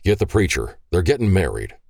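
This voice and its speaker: A man's voice: deep voice, very animated, brisk, a little mellow, dry recording, studio quality, voice pushed up, full character voice. A man voicing a furious, protective father who speaks in a stern, commanding growl.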